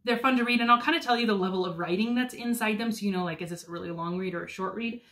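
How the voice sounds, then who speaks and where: Racing along in a medium-pitched, slightly bright voice, this woman in her thirties enthusiastically recommends picture books she loves. She's a homeschool mom, and her casual chat is sprinkled with ums.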